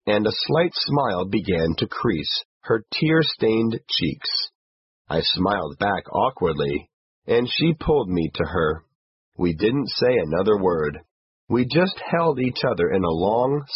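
A man narrating a first-person story in a measured, expressive way, with a husky voice. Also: low voice, no echo. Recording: dull, slightly muffled recording.

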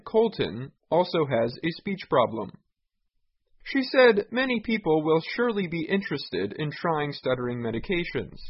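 Male news reader, scripted and measured, lively intonation, muffled lo-fi sound. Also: fairly high pitch.

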